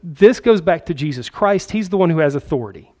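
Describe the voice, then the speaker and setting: A man's voice: on the high side, expressive, fairly quick, darkish tone, dull audio. A male pastor preaching a sermon in a conversational way, often checking in with "okay?". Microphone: handheld microphone.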